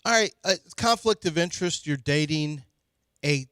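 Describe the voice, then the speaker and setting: A man's voice: fairly high pitch, expressive, normal speed, fairly bright tone, smooth, no echo, studio quality. A middle-aged man co-hosting a sports radio show, rambling playfully through speculative tangents in casual banter.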